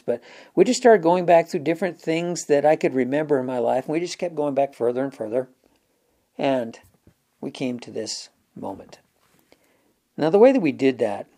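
A man's voice: medium pitch, warm tone. A man hosting a self-help talk, telling a personal story in an earnest, conversational way and guiding viewers through an exercise. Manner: earnest, conversational, retells dialogue with restarts. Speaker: self-help video host.

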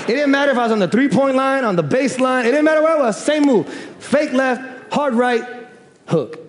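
High-voiced animated preacher in a hall. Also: male voice, a little fast, slight background noise. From Chicago area, USA. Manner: animated, jokey, swings into loud exclaims. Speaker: pastor. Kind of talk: sermon with storytelling. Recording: reverberant hall.

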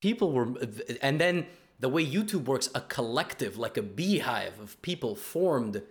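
A man's voice: mid-range voice, lively intonation, measured pace. Man, guest; mid-range voice, rambling, repeats words, talks in bursts. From United States. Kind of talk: casual chat.

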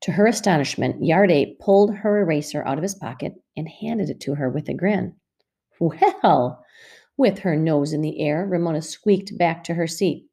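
A woman teacher reading a storybook aloud to a class of second graders, with clear, expressive pacing. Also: low-pitched, moderate pace, hardly any pauses.

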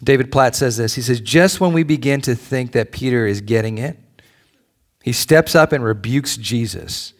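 A middle-aged man, a pastor, preaching a conversational sermon in a church, swinging between loud pleas and soft asides. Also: medium pitch, normal speed.

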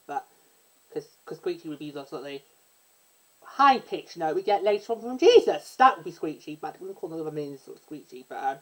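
A woman's voice: low-pitched, animated, a little fast, poor audio. A woman hosting a casual chat show, rambling and restarting her sentences as she talks through a musical she loves. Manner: rambling, self-interrupting, breaks into sung snippets. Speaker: podcast host.

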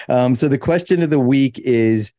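A man hosting a casual podcast chat, joking and laughing often. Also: medium pitch. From New Jersey. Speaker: podcast host.

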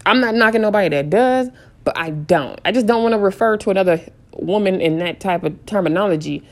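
A woman's voice: mid-range voice, brisk. Chatty woman telling a storytime. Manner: animated retelling full of "I was like"; frequent restarts and repeated phrases. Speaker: vlogger. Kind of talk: casual storytime.

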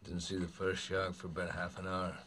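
An actor playing a grizzled old sea captain telling a grim shark story in a film monologue, with a slow drawl. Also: male voice, low-pitched, level tone, fairly bright tone, slight background noise. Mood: grim, haunted. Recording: distant film audio with faint ambience.

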